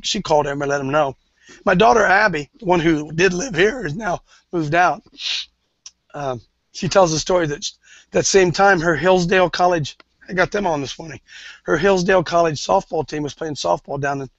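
High-voiced gravelly middle-aged preacher. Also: male voice, no echo. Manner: storytelling, rising to fervent shouts when preaching. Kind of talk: sermon. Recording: dull, dry lo-fi recording.

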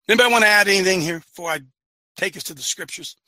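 A man with an extremely high, piercing, tense voice preaches to his audience with fire and often breaks into shouts. The sound is dry and close. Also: rapid-fire, no echo. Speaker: host and preacher of an online show. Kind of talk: impassioned preaching to a live audience.

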